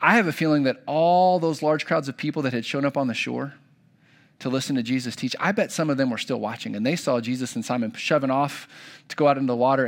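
A young adult man preaching a sermon to kids, telling a story and acting out the characters' lines. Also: medium pitch. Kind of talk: children's sermon.

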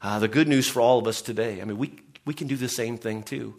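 A man's voice: mid-range voice, quick pace, a little mellow. A man preaching a sermon to his congregation in an earnest way, often restarting and saying "I mean". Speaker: pastor.

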